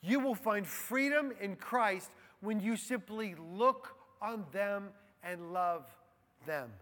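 Slow-preaching man in a reverberant hall. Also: sits high. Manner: slow and deliberate, dropping soft on key phrases. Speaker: pastor. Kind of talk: sermon. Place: church.

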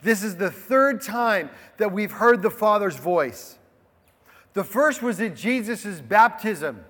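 High-voiced man preaching in a reverberant hall. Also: animated, takes it slowly, a bit bright. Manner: conversational preaching, rhetorical asides. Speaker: pastor. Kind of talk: sermon.

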